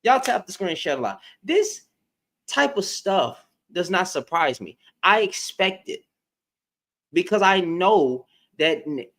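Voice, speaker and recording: Speaking slowly in a high, fairly bright and very animated voice, a man runs a casual livestream. He addresses his chat directly, taunting them and repeating himself often.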